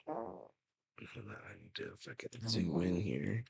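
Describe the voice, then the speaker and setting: A man reads a comic chapter aloud for his reaction channel. His voice sits lowish and he takes it slowly, dropping into muttered asides and the odd casual curse. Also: vocal fry, darkish tone, breathy edge. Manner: low-key, mutters asides, swears casually. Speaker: manga reaction host.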